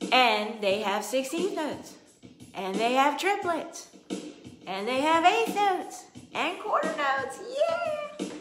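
High, lively-voiced cheerful music teacher woman. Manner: cheerful, sings out cheers and counts beats aloud. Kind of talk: upbeat classroom rhythm lesson. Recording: roomy, with instrument playing.

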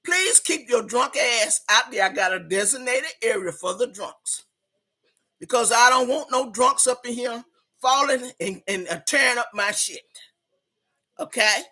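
A woman playing a loud, brassy big woman who hosts a party club, hollering her welcomes and slightly out of breath. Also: on the high side, slightly rough, heavily acted. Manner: hollering, drawn-out, Southern-style slang. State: a little out of breath. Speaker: host. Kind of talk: comedic character monologue.

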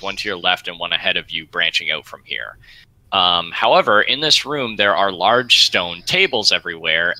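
A man narrating a tabletop game as game master, describing scenes in a halting way with many fillers. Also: low voice, pushed and bright, no room sound, rough recording.

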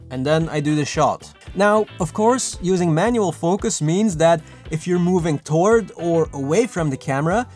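A man giving casual, lively filmmaking tips to camera, chatty and self-mocking. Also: sits high. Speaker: filmmaking vlogger. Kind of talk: casual tutorial talk to camera.

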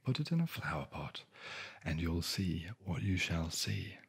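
A man voicing a brisk, knowing old witch in a whispered role-play, matter-of-fact and obliging. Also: low-pitched, big pitch swings, gravelly, breathy edge, heavily acted.

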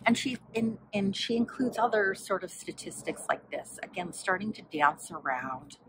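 A book vlogger chats casually about a book she read, rambling with many fillers while flipping through its pages for examples. Her mid-range voice is expressive and moderately paced, and the background is noisy.

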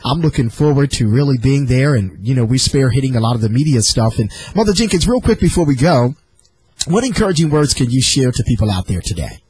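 A man's voice: mid-range voice, lively intonation, brisk, a little mellow, breathy edge. A man hosting a radio talk show, interviewing a caller in a friendly, affirming way. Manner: friendly, affirming, says "I know that's right". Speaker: radio host.

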